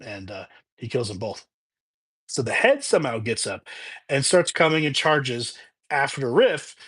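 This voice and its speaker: Chatty man retelling a movie plot. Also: medium pitch. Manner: chatty, animated retelling with laughs and quoted voices. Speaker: movie reviewer. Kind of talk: casual spoken movie review.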